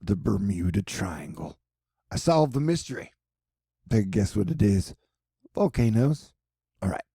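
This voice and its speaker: Casting note: young male vlogger, dry and self-mocking, gravelly low-key voice, close dry sound. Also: sing-song, a little slow, long pauses, mellow, dry recording. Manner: rambling, sarcastic, self-mocking. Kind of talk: casual rambling vlog. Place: his apartment.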